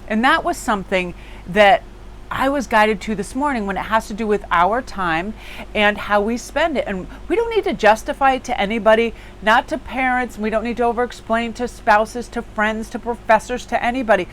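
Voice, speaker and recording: A woman's voice: a little high, normal speed, fairly bright tone, slight background noise, low-quality recording. Chatty woman giving a tarot reading. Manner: chatty and emphatic, lots of "like" fillers. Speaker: tarot reader and small business owner. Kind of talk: casual daily tarot reading.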